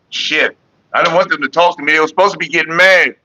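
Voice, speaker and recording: This man's voice is a little high and steady in tone, quick, pushed and bright, captured with lo-fi sound. He's a vlogger hosting a smoking session on his own casual vlog, loose and joking, chatting to viewers by name.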